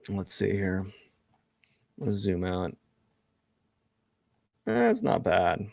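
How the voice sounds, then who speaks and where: A man's voice: low-pitched, wildly swooping pitch, very slow, creaky, a little mellow, dry recording, muffled recording. A man chatting casually and rambling with lots of fillers while he live-streams a drawing session. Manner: rambling, filler-heavy, self-mocking.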